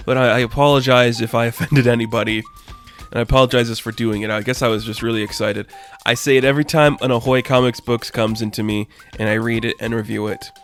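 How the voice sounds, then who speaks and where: A man talks through a comic review in a loose, rambling way, his voice at a middle pitch. He hurries along with plenty of excitement and keeps slipping into quick impressions of the characters. Faint music plays underneath. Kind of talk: casual spoken review.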